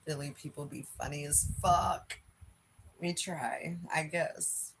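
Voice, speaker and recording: Gravelly Philly woman chatting live. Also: low voice, takes it slowly, fairly bright tone, slight background noise, low-quality recording. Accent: Philadelphia. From Philadelphia. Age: 40s. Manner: frank, profane, laughs often. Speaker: livestream host. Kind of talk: casual livestream chat reading comments.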